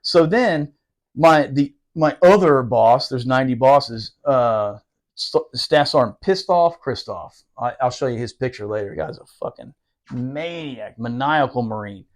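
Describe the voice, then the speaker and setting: A man telling a rough, profane story from his military days in casual podcast talk, laughing and doing quick impressions. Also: medium pitch. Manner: profane, animated, laughing, fast asides.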